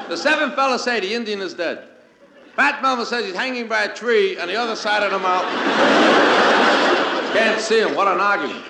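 High-voiced comedian spinning a lively yarn. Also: male voice, a little hiss or hum. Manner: brisk anecdotal delivery acting out quoted characters. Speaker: stand-up comedian. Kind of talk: comic storytelling monologue. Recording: roomy 1951 radio broadcast with music.

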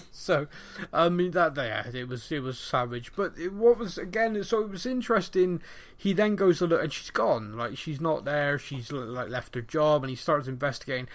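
A middle-aged man co-hosting a podcast, recapping a TV episode in rambling, animated casual chat and laughing often. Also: fairly high pitch, moderate pace. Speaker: podcast co-host.

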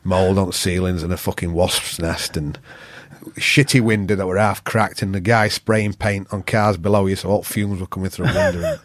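A middle-aged man with a Yorkshire accent, a podcast guest who tells stories in a blunt, profane, animated way. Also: deep voice, normal speed, dry recording. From England. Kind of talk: casual storytelling chat.

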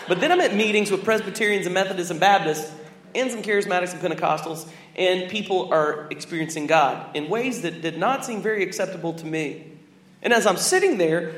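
A man preaching and telling a story in a lively, joking way, acting out voices. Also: high-pitched. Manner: animated, jokey, acts out voices. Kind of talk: sermon storytelling. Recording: echoey hall with faint room noise.

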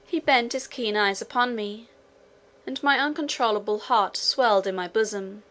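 A woman reading first-person literary narration for an audiobook in a measured, earnest way. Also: on the high side, a bit bright. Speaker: audiobook reader.

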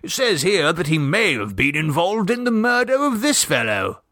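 A man voicing a fussy, chatty older English gentleman in an audiobook, with pompous, old-fashioned phrasing. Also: high voice, big pitch swings, moderate pace, no room sound, studio quality, voice pushed up, exaggerated voice. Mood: genial gossip.

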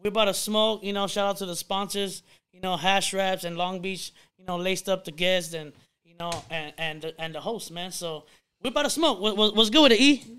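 A man appearing as a podcast guest, talking in a hyped, slangy way full of shout-outs. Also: high-pitched, a little fast, clean tone. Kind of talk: casual chat.

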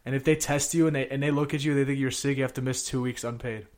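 A man's voice: mid-range voice, fairly even intonation, fast talker. A young American man co-hosting a casual podcast, rambling and swearing, with a lot of "bro" and "like". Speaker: podcast co-host.

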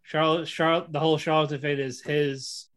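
A man casually recapping an anime episode, excitable, acting out the characters' lines and laughing often. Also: fairly high pitch, moderate pace. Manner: excitable storytelling, acts out quotes, laughs often. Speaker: podcast co-host reviewing an anime. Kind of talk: casual chat.

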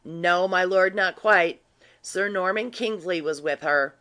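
Grave gentleman with quiet malice, dry delivery, voiced by the narrator. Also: mid-range voice, slow pace. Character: grave, quietly sly gentleman Ormiston, man. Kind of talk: audiobook reading.

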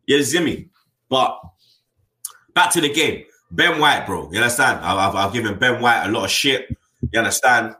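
A man's voice: medium pitch, expressive, moderate pace, bright, forceful tone, echoey room. A man, a football fan channel host talking bluntly in casual chat, full of slang and tag questions. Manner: blunt, slangy, keeps adding "you get me".

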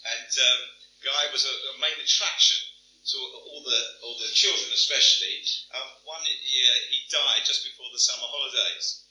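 A man's voice: mid-range voice, fairly even intonation, normal speed, sharp tone, far from the mic. An older man preaching a sermon in a church, chatty and storytelling, stammering and chuckling as he reads and tells stories. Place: church hall. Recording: echoey church hall from afar, faint hum.

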